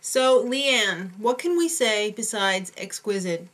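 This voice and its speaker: A woman's voice: medium pitch, lively intonation, slow pace, a bit bright. A woman with a New York accent, co-hosting a casual, opinionated chat about a reality show. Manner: chatty, opinionated, joking. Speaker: recap show co-host.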